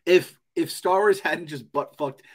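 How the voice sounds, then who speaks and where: Animated swearing male podcast host. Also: fairly high pitch, unhurried, slight background noise. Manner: animated, swearing, laughing, ranting. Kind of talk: casual chat.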